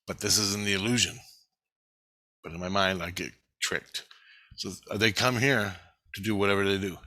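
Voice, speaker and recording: A man recounting a dream in a rambling first-person account, excitable and profane, often repeating himself. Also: deep voice, moderate pace, no room sound. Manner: excitable, profane, repetitive storytelling.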